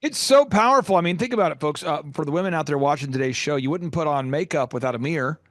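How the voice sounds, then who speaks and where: A man's voice: a little high, quick pace, no echo. A man hosting a business podcast who interviews a guest and talks with energy and emphasis, acting out the people in his stories. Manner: energetic, emphatic, acts out quoted voices. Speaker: podcast host and business coach.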